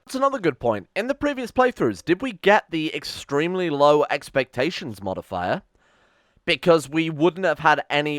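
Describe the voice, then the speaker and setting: Excitable, swearing man playing a game. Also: mid-range voice, no room sound, studio quality. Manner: excitable, swears, talks to his colonists. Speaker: game streamer. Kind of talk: let's-play commentary.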